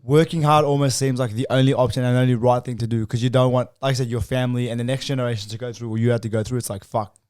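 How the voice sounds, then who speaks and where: Male co-host, rapid laid-back chat. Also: medium pitch, fairly even intonation, darkish tone, clean tone, dry recording, studio quality. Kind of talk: casual podcast chat.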